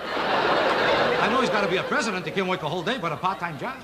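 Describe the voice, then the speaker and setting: A man doing a stand-up routine on a TV variety show, needling an audience member with quick rhetorical questions. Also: high-pitched, expressive. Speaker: stand-up comedian. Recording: loud noise on an old TV broadcast recording.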